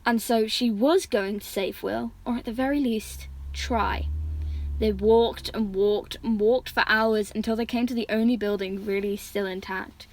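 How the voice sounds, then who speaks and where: A woman's voice: mid-range voice, fairly even intonation, unhurried, rough recording. A woman reading a fantasy story aloud, restarting words now and then. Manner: reads characters' lines with stronger feeling, slips and restarts words. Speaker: reader.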